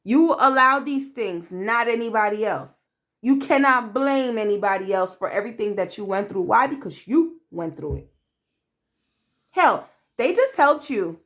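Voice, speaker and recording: A woman's voice: a little high, expressive, unhurried, a bit bright. Woman, tarot reader, blunt, profane, streetwise, acts out quotes. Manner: blunt, profane, streetwise, calls listener babe. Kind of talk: casual tarot reading to camera.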